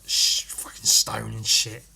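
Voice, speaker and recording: A man's voice: takes it slowly, bright, forceful tone, in a whisper. A man hosting a podcast, chatting casually as he reads through a comic aloud, enthusiastic and sweary, laughing often. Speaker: podcast host.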